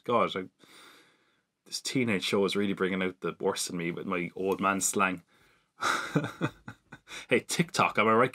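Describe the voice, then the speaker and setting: Male podcaster, chatty solo recap, slightly low voice with a sharp edge. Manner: chatty, rambling, with frequent fillers and self-mocking laughs. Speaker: podcast host. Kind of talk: casual solo TV episode recap.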